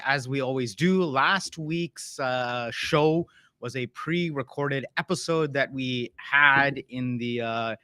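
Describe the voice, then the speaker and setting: A host from the Toronto area in Canada speaks in a mid-range, bright, forceful voice with no echo. He runs a live talk show, chatting and joking with lots of fillers.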